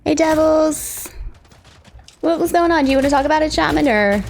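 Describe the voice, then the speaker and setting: A woman streaming live, chatting casually and greeting her viewers one by one, with bursts of excitement. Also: high-pitched, normal speed, vocal fry, a little hiss or hum.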